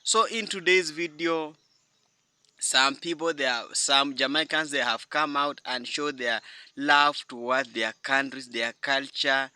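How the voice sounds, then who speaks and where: A man hosting a reaction channel, his voice very bright and crisp in a dry, close sound. He speaks earnestly, stopping and restarting as he introduces the clip. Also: medium pitch, fairly even intonation, dry recording. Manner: earnest, halting.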